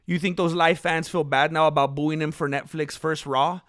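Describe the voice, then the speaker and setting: A man's voice: on the high side, steady tone, normal speed, few pauses, a bit bright, dry recording, clean studio sound. A man hosting a casual livestream, rambling conversationally and answering his chat. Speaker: livestream host.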